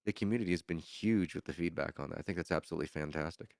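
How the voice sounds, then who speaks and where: A man's voice: low voice, racing, vocal fry, no room sound, studio quality. A man chatting casually as a podcast guest, rambling and laughing often. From Canada. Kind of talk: casual chat.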